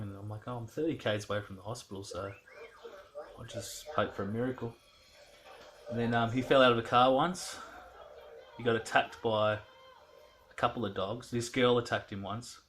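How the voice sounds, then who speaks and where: A man's voice: lowish voice, fairly bright tone. An Australian man rambling casually through a video diary in a laid-back, slangy way. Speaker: vlogger.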